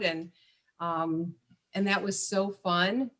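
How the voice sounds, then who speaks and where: A woman's voice: low voice, steady tone, measured pace, fairly bright tone, poor audio. A woman in her fifties, an alumni guest, chatting fondly about old college days with some hesitant fillers. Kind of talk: casual reminiscing.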